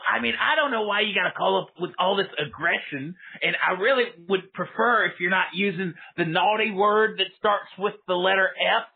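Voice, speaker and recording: A man's voice: sits high, gravelly, husky. A man hosting a comedic call-in show, flustered and stammering as he pleads with a caller. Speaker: radio call-in host. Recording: phone-like narrow sound.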